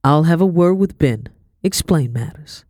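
A woman's voice: low voice, animated, warm tone, dry recording, studio quality. A woman reading a storybook, voicing a formal, cautious male pastor who evades hard questions. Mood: stiff, formal. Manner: formal, evasive, measured. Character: stiff, cautious man, a pastor.

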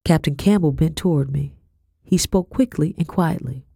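A woman tells a first-person story in a measured, steady audiobook voice. She sits close to a studio mic in a dead, dry space with no echo. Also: low-pitched, creaky, slightly rough. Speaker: audiobook narrator.

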